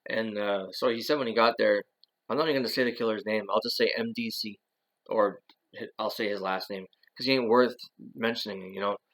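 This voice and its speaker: A man's voice: on the low side, fairly even intonation, a little fast, fairly bright tone, low-quality recording. A man talking on his own in a loose, rambling monologue, full of "uh" and "you know" and restarted sentences. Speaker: channel host. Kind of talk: casual monologue.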